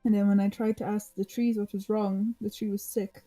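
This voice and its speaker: A woman's voice: medium pitch, brisk, soft background music, low-quality recording. A woman playing a tabletop game, talking casually and giggling often. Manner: giggly, animated. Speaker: player.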